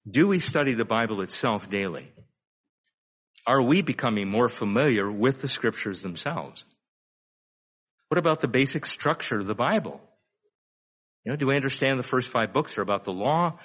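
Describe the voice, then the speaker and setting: An older male pastor preaches a sermon in a relaxed, conversational style, asking many rhetorical questions and drawing out key phrases for emphasis. His voice is medium-pitched, fairly bright and husky.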